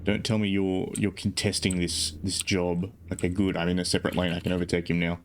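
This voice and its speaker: A man's voice: low-pitched, flat delivery, a little fast, slight background noise. A sleep-deprived man streaming a driving game, rambling casually with self-deprecating jokes. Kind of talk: casual gameplay commentary.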